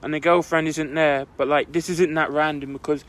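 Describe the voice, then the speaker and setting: A man's voice: fairly high pitch, steady tone, brisk. A young man telling a story on a casual podcast, rambling and full of "like" fillers.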